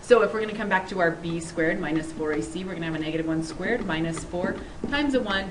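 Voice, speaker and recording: A woman's voice: on the low side, fast talker. A woman math teacher walks through a lesson with a playful, upbeat manner, cracking small jokes as she goes. She sounds set back from the microphone in a classroom, with a faint hiss underneath. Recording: distant mic with faint noise.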